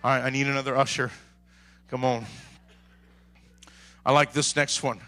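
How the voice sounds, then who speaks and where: A man preaching a sermon as pastor, swinging between quiet talk and shouted calls to the congregation. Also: medium pitch, little pitch movement, normal speed. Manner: preaches with sudden shouts and call-and-response.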